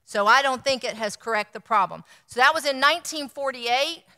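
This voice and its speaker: Bright, lively woman speaker in a hall. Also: sits high, a little fast. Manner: animated, acts out quoted dialogue. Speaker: guest speaker. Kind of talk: storytelling talk to an audience.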